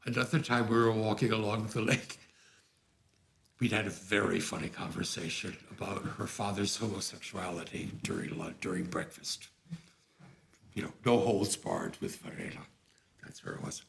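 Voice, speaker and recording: An older man with a lowish voice tells personal stories to an audience. He talks anecdotally, slipping into the voices of the people he quotes with sudden jumps in pitch. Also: steady tone, normal speed, creaky, fairly bright tone, slight background noise. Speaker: former opera music staff head, speaker. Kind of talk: storytelling talk to an audience.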